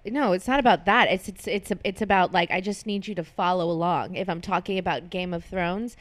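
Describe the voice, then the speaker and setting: A woman's voice: lowish voice, fairly quick, no echo. A woman in her thirties hosting a podcast from her apartment, chatting casually, laughing and swearing freely. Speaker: podcast host. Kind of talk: casual chat.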